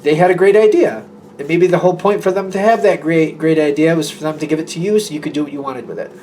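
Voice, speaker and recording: A man's voice: fairly high pitch, fast, mellow, a little hiss or hum. A man giving a casual, rambling tarot reading who acts out imagined conversations as he goes. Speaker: tarot reader.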